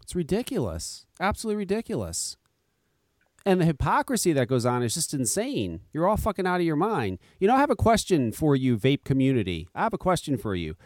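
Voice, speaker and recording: Guy with a high voice ranting and cussing on a podcast, dry close sound. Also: wildly swooping pitch, a little fast, darkish tone, no echo. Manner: heated, sarcastic, heavy swearing. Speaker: podcast host. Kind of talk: profane ranting talk radio.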